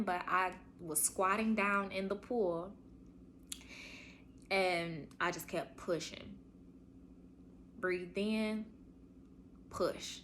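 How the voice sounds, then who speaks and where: A woman's voice: on the low side, fairly bright tone, slight background noise. A young woman hosting a podcast, telling a heartfelt story in casual chat and calling her listeners y'all. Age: young adult. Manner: chatty, addresses listeners as y'all. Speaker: podcast host.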